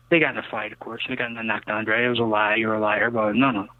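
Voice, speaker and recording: A man's voice: fairly low pitch, flat delivery, rapid-fire, no room sound. A man in his sixties, a rocket builder interviewed as a guest, telling rambling stories in an emphatic, cynical way, leaning on "okay?" and "you know" between thoughts. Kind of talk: casual rambling storytelling interview. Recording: dry tinny phone line.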